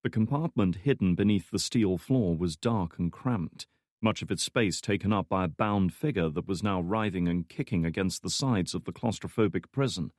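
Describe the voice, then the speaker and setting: A man narrating a thriller audiobook in a measured, even storytelling manner. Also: low voice, no echo, studio quality. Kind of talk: scripted narration.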